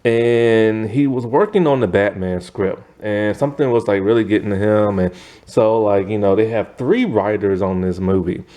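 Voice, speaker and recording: A man's voice: on the low side, normal speed, mellow. A man giving a casual, rambling movie review, opinionated and full of "like" and "man".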